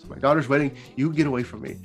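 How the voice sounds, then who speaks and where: A man voicing a stern male crime boss who is also a proud father, gruff and dismissive, with faint guitar music behind. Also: medium pitch, steady tone, fairly quick, close to an everyday voice. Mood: irritated.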